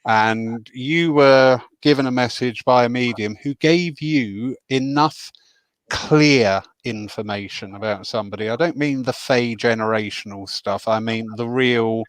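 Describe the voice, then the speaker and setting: A man's voice: mid-range voice, a little slow, dry recording. Earnest chatty man hosting, dry sound. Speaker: host. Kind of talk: casual spiritual discussion.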